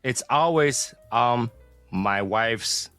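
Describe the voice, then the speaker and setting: A man's voice: mid-range voice, lively intonation, drawn-out words, fairly bright tone, clean tone, dry recording, faint music behind. A man co-hosting a casual podcast, explaining things patiently and teasing the others. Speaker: podcast co-host. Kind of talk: casual chat.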